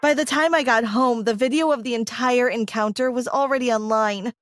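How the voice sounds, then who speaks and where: A woman's voice: fairly high pitch, a little fast, a little hiss or hum. A woman narrating a dramatic first-person story, emotional and acting out her own lines with big swings.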